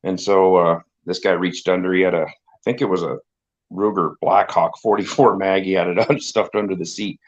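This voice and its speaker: A man's voice: low voice, fairly even intonation, moderate pace. A man hosting a casual talk show, telling rambling anecdotes and acting out the people in them. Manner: rambling storyteller who acts out quoted dialogue. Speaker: podcast host. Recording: dull lo-fi audio with faint noise.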